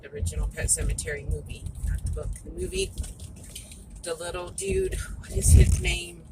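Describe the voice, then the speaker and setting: A woman's voice: sits low, huge pitch swings, moderate pace. A middle-aged woman, rambling and chatty as she tells a story to her phone camera. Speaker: vlogger. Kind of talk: casual chat to camera. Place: in a car. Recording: noisy car phone recording. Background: road and vehicle noise.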